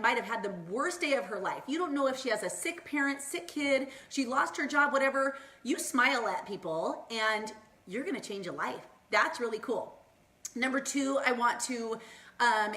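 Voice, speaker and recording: A bubbly woman in her thirties gives motivational tips on a live stream, chatty and full of tangents. Her voice sits a little high, and the room around her rings with echo. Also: fairly bright tone. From Southern California. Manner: bubbly, tangent-prone, acts out quoted voices. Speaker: wellness vlogger. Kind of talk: upbeat motivational Facebook Live chat. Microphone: phone or laptop mic, live stream.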